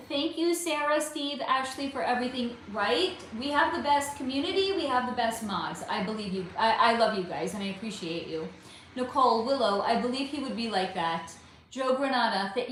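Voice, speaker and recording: A spiritual reader with a fairly high voice hosts a casual livestream from an echoey room, with slight background noise. She chats animatedly, reads out viewers' names and comments, and answers them while swearing and exclaiming freely.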